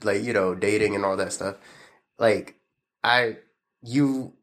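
A man's voice: lowish voice, takes it slowly, a bit bright. A man talking casually with his partner, full of fillers and frequent laughter. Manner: laughs often, lots of "like" fillers. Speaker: husband co-host. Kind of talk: casual couple chat.

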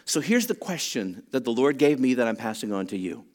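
A male pastor with a medium-pitched voice delivers a sermon at a brisk clip. He tells an animated story with humor, acting out the voices of its characters and tossing in funny asides.

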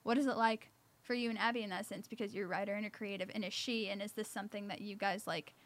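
A woman's voice: mid-range voice, fairly even intonation, fast. A young woman hosting a casual chat, rambling with many fillers and laughing often. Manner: rambling, heavy use of fillers.

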